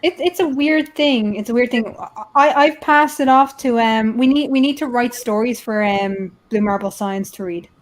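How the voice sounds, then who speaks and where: A woman with a Dublin Irish accent, hosting a relaxed chat. Her voice sits on the higher side, and she often stammers and repeats herself as she talks. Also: normal speed, hardly any pauses. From Ireland. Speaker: host. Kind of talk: casual chat.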